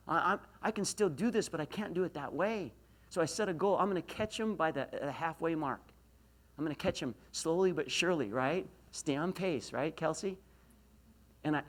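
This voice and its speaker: A man in his forties giving a university lecture, telling a story with animated delivery and loud emphatic peaks. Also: a little high. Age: 40s. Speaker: motivational speaker. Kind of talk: lecture to an audience.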